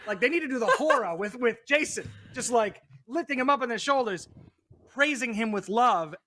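High bright-voiced guy player, hyped and emphatic. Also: animated, normal speed. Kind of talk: casual game chat.

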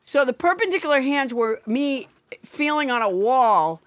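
A woman with a high voice talks through her own gestures in a patient, explaining way during a casual game chat. Her voice sounds dry and close, with no room echo. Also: animated, normal speed. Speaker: podcast co-host.

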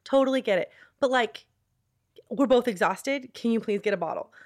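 A middle-aged woman chatting casually as a co-host, her voice sitting a little high. She tells stories with animated energy and acts out the people in them. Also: moderate pace. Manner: animated storytelling, acts out her husband shouting. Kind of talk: casual chat.

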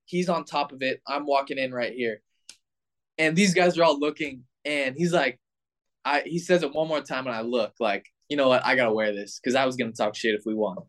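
Animated young man telling a story. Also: medium pitch, a little fast. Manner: animated, lots of "like" fillers. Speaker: baseball player telling a story. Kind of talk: casual storytelling.

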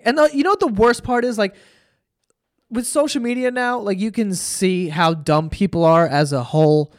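Profane, exasperated man ranting on a podcast. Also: high-pitched. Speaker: podcast host. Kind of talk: casual solo podcast rant.

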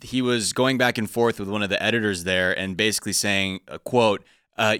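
A man in his thirties co-hosting a casual news podcast, animated and quick to joke and laugh. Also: lowish voice, smooth, dry recording, studio quality. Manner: animated, laughs often, jokey asides. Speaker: podcast co-host.

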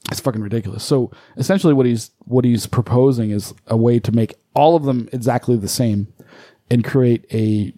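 A man co-hosting a casual podcast, explaining things in a relaxed, rambling way with frequent swearing. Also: mid-range voice, normal speed, dry recording, clean studio sound. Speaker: podcast co-host.

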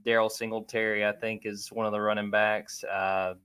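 A man hosts a casual sports talk show with a somewhat low voice. He talks in a loose, conversational way, with plenty of fillers and restarts, and reels off lists of names quickly. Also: little pitch movement, a bit bright, clean tone. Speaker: sports podcast host.

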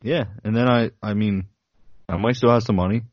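A man co-hosting a casual podcast, cracking jokes and trading quick banter. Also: lowish voice, steady tone, no echo. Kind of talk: casual chat. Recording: dull, dry lo-fi audio.

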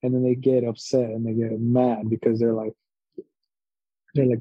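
A man's voice: mid-range voice, monotone, moderate pace, pauses often, breathy edge, dry recording. A man co-hosting a casual sports podcast, easygoing and rambling as he talks. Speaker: podcast co-host. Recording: dull lo-fi mic.

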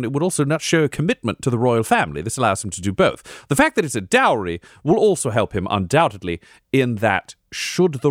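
Man doing a formal scheming noble, measured, very animated pitch, dry close sound. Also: no echo, close to an everyday voice. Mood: calculating. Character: calculating, composed male noble off-worlder. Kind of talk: tabletop role-play.

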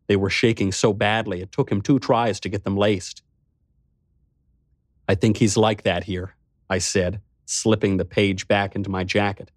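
A man's voice: fairly low pitch, no room sound, studio quality. A man reading a first-person story aloud in a wry, sardonic manner. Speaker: narrator. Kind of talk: first-person audiobook narration.

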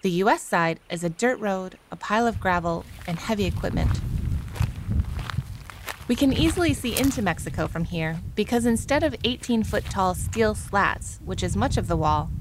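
A woman radio reporter narrating a news feature in a calm, measured, descriptive way. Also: mid-range voice, background noise. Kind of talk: scripted news narration and field interview.

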